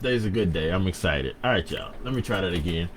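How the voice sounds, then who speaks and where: A man's voice: low voice, animated, fast, slight background noise. A man from hosting a casual radio show, playful and self-correcting as he hypes the listeners.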